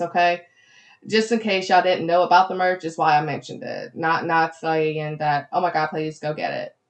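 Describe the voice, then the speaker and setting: A woman with a Southern Louisiana accent hosting a podcast, talking casually and with animation, and saying "y'all" often. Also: fairly low pitch. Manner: chatty, animated, heavy use of "y'all". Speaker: podcast host.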